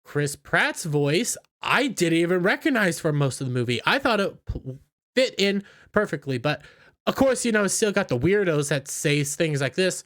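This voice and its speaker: A man's voice: on the high side, big pitch swings, moderate pace, fairly bright tone. A man giving opinionated commentary in an indignant, scornful, ranting manner. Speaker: YouTube commentator.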